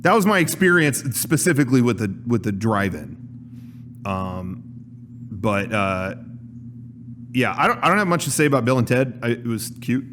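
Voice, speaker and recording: A man's voice: medium pitch, normal speed, pauses often. Guy podcast host acting out his story, bouncy voice, bit of room hum behind. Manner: animated storyteller, acts out quoted lines. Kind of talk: casual podcast chat.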